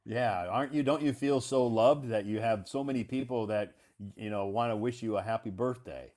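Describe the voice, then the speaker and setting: A man's voice: medium pitch, moderate pace, darkish tone. A man hosting a casual English conversation lesson, encouraging the learner and rephrasing her answers. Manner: encouraging, rephrases and corrects the student. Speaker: English teacher, host.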